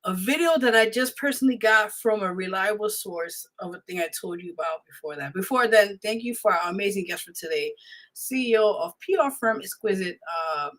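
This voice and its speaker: Speaking a little fast with a mid-range voice and lively intonation, a female radio host chats casually with her guest. She gives warm, effusive thanks full of fillers, and the audio is rough.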